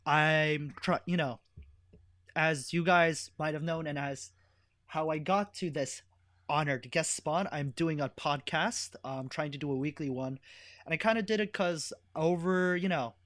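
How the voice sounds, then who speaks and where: Give me a laid-back young man on a podcast, high-pitched and recorded dry. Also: a little slow, a bit bright, no room sound. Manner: laid-back, uses "like" a lot. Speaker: podcast guest. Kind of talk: casual chat.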